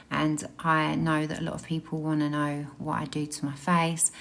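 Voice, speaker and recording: Chatty woman vlogging. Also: deep voice. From Essex, England. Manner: bubbly, chatty, enthusiastic. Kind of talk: casual vlog chat and voice-over.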